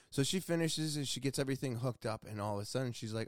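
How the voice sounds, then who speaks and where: A man's voice: medium pitch, rapid-fire, hardly any pauses, no room sound, studio quality. A man telling a casual, profane story about a home repair visit, blunt and exasperated. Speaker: homeowner telling an anecdote.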